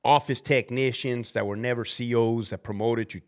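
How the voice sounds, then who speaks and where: A man's voice: medium pitch, moderate pace. A man who used to be a prison officer, hosting a casual live stream and talking bluntly and profanely about use of force. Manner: profane, blunt, animated storytelling. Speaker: livestream host, former prison officer. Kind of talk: casual livestream chat.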